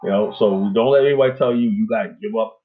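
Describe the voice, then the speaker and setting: Speaking fast in a lowish voice, this talk show host keeps things casual and loose, habitually tacking "you know what I'm saying" onto his points. The sound is thin, like a phone line.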